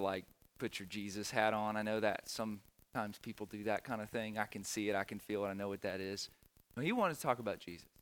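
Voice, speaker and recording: A man's voice: fairly low pitch, a bit bright. A middle-aged man, a pastor telling a story in a sermon in an earnest, emotional way, repeating phrases for emphasis.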